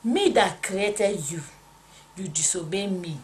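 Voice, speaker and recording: Woman doing God, male, stern, slow, rebuking, mocking. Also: medium pitch, close to an everyday voice, poor audio. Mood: stern rebuke.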